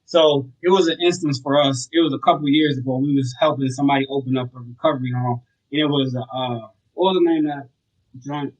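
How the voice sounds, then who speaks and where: A man's voice: medium pitch, fast talker, lo-fi sound. A man telling business stories in casual, slangy podcast talk. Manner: relaxed, slangy, tells stories with acted quotes. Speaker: guest, sober home operator.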